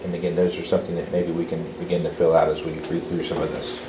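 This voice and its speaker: A man's voice: low-pitched, monotone. Man reading scripture in an echoey room. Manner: halting, restarts often, slows for reading. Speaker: Bible study leader. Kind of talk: group Bible study, reading scripture aloud. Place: room with a small group. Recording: echoey room, distant mic, background noise.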